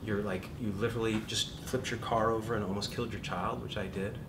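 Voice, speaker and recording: A middle-aged man lecturing an acting class, animated and jokey, acting out inner voices as he talks. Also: fairly low pitch, brisk. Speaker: acting teacher. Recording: echoey room, far from the mic, noisy.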